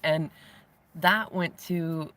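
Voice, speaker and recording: A man around forty, hosting his own show, tells a story in a reflective, spiritual monologue. He is animated and laughs often as he talks. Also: a little high, extremely slow. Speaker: host.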